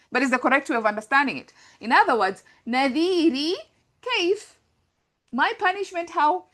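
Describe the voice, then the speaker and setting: Female grammar teacher, slightly high voice, explanatory classroom delivery with frequent self-corrections. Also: a bit bright. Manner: repeats points, often corrects herself mid-sentence.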